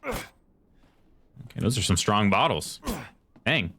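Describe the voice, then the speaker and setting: A man's voice: fairly low pitch, very animated, slow pace, gravelly, fairly bright tone. A man streaming a horror game live, chatting casually with viewers and reading in-game text aloud. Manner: chatty, reads chat aloud and muses while playing. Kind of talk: casual live gameplay commentary.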